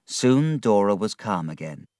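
A man narrating a storybook in a measured, expressive way. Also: lowish voice, dry recording, clean studio sound.

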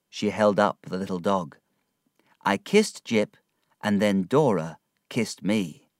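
A man reading a story aloud in a measured, expressive narration. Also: low-pitched, dry recording, studio quality.

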